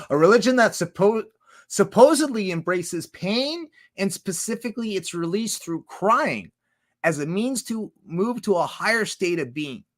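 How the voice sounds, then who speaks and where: Rambling, cursing man with a higher voice. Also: fairly bright tone. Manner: heavy swearing, laughing often, rambling with restarts. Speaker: livestreamer. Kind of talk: casual rambling stream chat.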